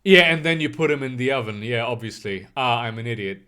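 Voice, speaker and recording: A man casually chatting on a livestream, reading out and answering viewer comments in a halting, rambling way with many fillers and some swearing. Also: mid-range voice, animated, pushed and bright, slight background noise. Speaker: live streamer answering chat.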